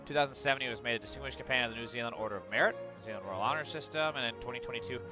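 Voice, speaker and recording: A man's voice: mid-range voice, racing, music in the background. A young man from the United States doing casual reaction commentary, reading news aloud and ranting with profane sarcasm. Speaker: political commentator.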